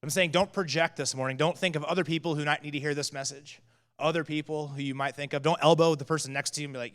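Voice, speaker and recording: A man preaching to his church in an easy, conversational way, telling Bible stories with plenty of "uh"s. His voice is a little higher than most and sounds smooth and clear. The sound rings with the long reverb of a church hall. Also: steady tone, fast, a bit bright. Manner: conversational, casual storytelling with frequent fillers. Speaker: teaching pastor. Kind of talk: sermon.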